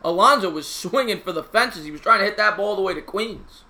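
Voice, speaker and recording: Bright, excitable New play-by-play man. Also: high-pitched, fairly quick. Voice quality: chatty, excitable, slangy. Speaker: live stream play-by-play host. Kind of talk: casual live play-by-play with chat replies.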